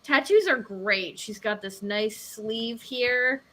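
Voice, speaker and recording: A woman's voice: a little high, takes it slowly, pushed and bright. A woman guesting on a casual podcast, enthusiastic and gushing, giggling often. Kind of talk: casual chat.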